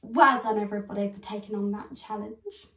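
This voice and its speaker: A woman's voice: mid-range voice, fairly quick, fairly bright tone. A young British woman in her twenties leading an online drama class for children, upbeat and encouraging as she talks straight to the kids. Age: 20s. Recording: echoey room, voice from a distance.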